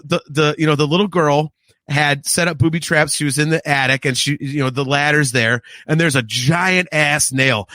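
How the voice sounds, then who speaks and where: A man co-hosting a podcast, chatting excitedly about a film and acting out lines with laughs. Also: on the high side, no echo. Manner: excited, laughing, acts out quotes. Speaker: podcast co-host. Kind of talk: casual film review chat.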